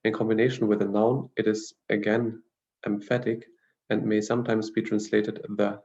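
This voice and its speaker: A male language teacher reads grammar notes in a steady, measured lecture, explaining with frequent fillers and restarts. His tone is dark, gravelly, and fairly low. The audio is muffled and lo-fi.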